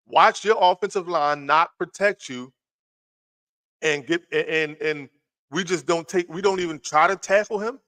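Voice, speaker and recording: A man's voice: fairly high pitch, normal speed, a bit bright. A man hosting a casual live sports talk stream from home, rambling and repeating himself as he talks to his chat. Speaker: sports talk show host. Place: home room, lights just turned on.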